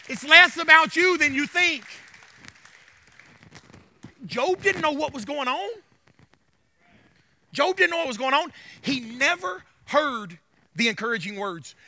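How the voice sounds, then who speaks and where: High, bright, fervent preaching man. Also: dry recording. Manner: fervent, repetitive, builds to shouting. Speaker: pastor. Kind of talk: sermon.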